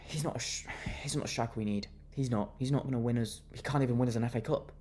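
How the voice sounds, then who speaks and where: A young man delivers a furious fan reaction rant about his football team. He sounds fuming and keeps repeating himself as he vents, with his voice at a mid pitch. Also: fast, a little mellow, a little hiss or hum. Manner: fuming, repetitive, venting.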